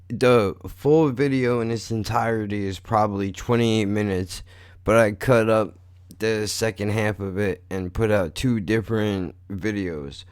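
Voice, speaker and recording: A man's voice: lowish voice, clean tone, no room sound, studio quality. A man hosting his own podcast in a blunt, profane, rambling monologue. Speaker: podcast host. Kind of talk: casual monologue.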